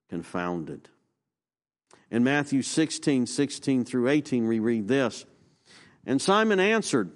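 Slow, emphatic preaching man. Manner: call-and-response questions, emphatic rises and low drops. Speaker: pastor. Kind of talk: sermon.

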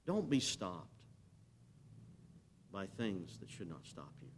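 A man's voice: deep voice, sing-song, unhurried, long pauses. A man preaching a sermon as pastor, emphatic and direct. He asks the congregation to answer him and reads scripture aloud.

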